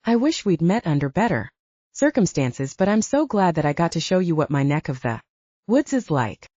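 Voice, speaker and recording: A woman voicing an easygoing young male barista who jokes and reassures in a relaxed way. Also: on the low side, moderate pace, no echo, muffled recording. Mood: reassuring. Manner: relaxed, joking, protective.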